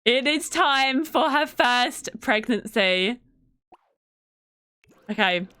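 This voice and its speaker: A young woman's expressive, slightly high voice comes through clean with a sharp edge as she draws out her words. She streams a game while chatting casually, reacting and thanking viewers by name, faint music playing behind her.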